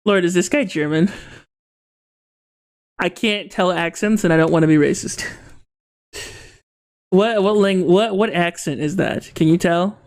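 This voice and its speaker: A live streamer in casual chat with viewers, joking and breaking into excited shouts. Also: mid-range voice, a little slow, pauses often. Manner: excitable, jokey, bursts into laughing shouts.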